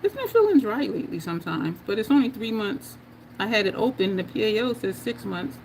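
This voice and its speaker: A woman's voice: medium pitch, big pitch swings, a little fast, a little mellow, a little hiss or hum. A woman hosting a casual makeup livestream, chatting, laughing often and reading viewer comments aloud. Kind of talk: casual livestream chat while doing makeup.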